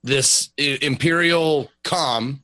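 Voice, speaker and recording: A man's voice: a little high, slow pace, bright, forceful tone. Hesitant male tabletop game player. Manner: hesitant, searching for words. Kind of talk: tabletop game play, casual chat.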